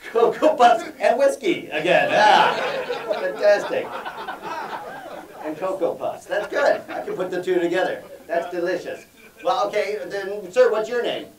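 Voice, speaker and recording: A man's voice: sits high, expressive. A man doing brash, teasing crowd work on a comedy club stage. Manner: brash, teasing, quick banter with audience. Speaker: stand-up comedian. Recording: echoey club from far off with crowd. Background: audience laughter.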